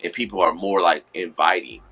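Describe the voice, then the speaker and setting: Low, bright-voiced LA man rambling. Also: fairly quick, husky, faint music behind. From Los Angeles. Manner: relaxed, rambling with many restarts and "I said". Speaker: podcast co-host. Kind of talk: casual storytelling chat.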